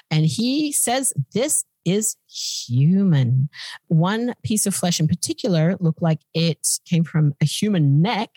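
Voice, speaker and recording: A woman's voice: lowish voice, mellow, no echo. A woman hosting a podcast, casually telling a true-crime story in a chatty, blunt way. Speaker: podcast host.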